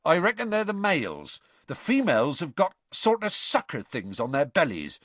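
A man voicing a huge, gruff but kindly gamekeeper who talks roughly and eagerly, clipping his word endings. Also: a little high, huge pitch swings, moderate pace, fairly bright tone, no room sound, voice pushed up, full character voice.

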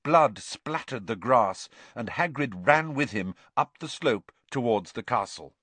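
A man reading a novel aloud as an audiobook narrator, with expressive storytelling on a close studio mic. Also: mid-range voice, measured pace, no echo.

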